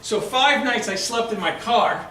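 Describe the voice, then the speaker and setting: A man with a Boston accent giving a prepared storytelling speech at a club meeting, a lively storyteller who acts out shouted quotes. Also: extremely high pitch, measured pace, a little hiss or hum. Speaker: club speaker. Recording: echoey room from far off.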